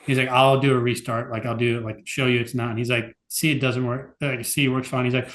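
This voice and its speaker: A man's voice: mid-range voice, little pitch movement, fast talker, few pauses, a bit bright. A man co-hosting a podcast, talking casually with lots of fillers and some exasperation. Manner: loose, filler-heavy, exasperated. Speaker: podcast co-host. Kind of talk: casual chat.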